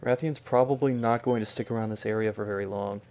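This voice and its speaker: A man's voice: lowish voice, steady tone, quick pace, a little mellow. A man streaming a video game, talking to himself in a casual, wry way with joking asides. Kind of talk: casual gameplay commentary.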